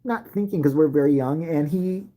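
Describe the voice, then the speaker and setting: A woman's voice: low-pitched, moderate pace, dark tone. A middle-aged woman telling a profane comic story about her school days, brash and laughing as she goes.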